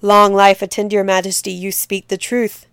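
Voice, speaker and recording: A woman's voice: medium pitch, level tone, normal speed, fairly bright tone, clear, resonant tone, dry recording, studio quality, lightly acted. A woman voicing a greedy, scheming male priest who pleads in a fawning, evasive way, in a storybook reading.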